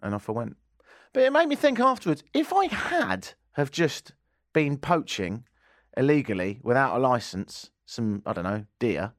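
A man's voice: medium pitch, very animated, moderate pace, no echo, clean studio sound. A man with an English accent, hosting a radio show with joking, self-mocking banter. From England. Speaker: radio host. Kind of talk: casual radio chat. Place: radio studio. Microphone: studio microphone.

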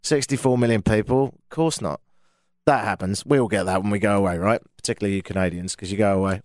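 A man's voice: on the low side, fast talker, darkish tone, dry recording, studio quality. A middle-aged man from England with a London accent, hosting a call-in radio show in a chatty, jokey, self-mocking way. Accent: London English. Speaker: radio phone-in host. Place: radio studio.

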